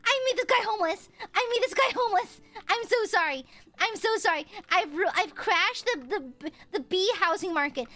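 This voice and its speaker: A woman's voice: extremely high pitch, lively intonation, normal speed, bright, forceful tone. A woman streaming a game live, chatting casually and playfully, with melodramatic outbursts and free swearing. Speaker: VTuber streamer. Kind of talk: casual live gameplay chat.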